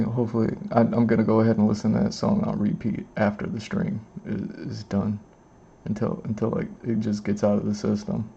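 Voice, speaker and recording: A middle-aged man hosts a livestream and chats loosely about music, circling back and repeating his words. His voice sits low and gravelly, with a mellow, dark tone. The stream audio is dull and lo-fi. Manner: rambling, repeats words, laughs a lot. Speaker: livestream host. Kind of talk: casual music reaction chat.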